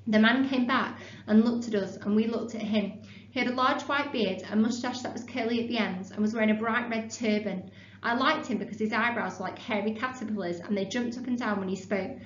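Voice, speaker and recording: A woman teacher reading a story aloud to her class in clear, expressive storytelling, then explaining the activity. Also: a little high, brisk. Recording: echoey, slightly dull, faint hum.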